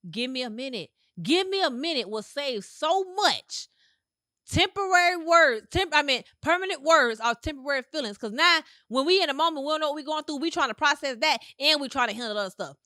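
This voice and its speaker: A woman hosts her own podcast, talking in a punchy, repetitive, motivational way with loose slangy phrasing. Her voice sits high and bright. The recording is dry and close, with almost no room sound. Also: lively intonation, a little fast, hardly any pauses, no room sound. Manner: emphatic, repetitive, preachy. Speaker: podcast host. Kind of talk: motivational monologue.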